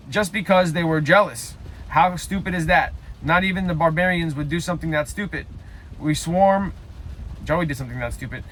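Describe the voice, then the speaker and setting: A young man reading a story aloud haltingly, breaking off for loud self-mocking side comments. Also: a little high, slight background noise. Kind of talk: casual read-aloud with joking asides.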